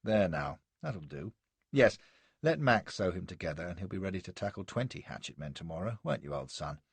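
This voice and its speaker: A man voicing a cheerful, teasing English adventurer in his forties with a brisk manner. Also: deep voice, lively intonation, creaky, slightly rough, dry recording, exaggerated voice. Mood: jovial. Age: 40s. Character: hearty, grinning middle-aged English adventurer man.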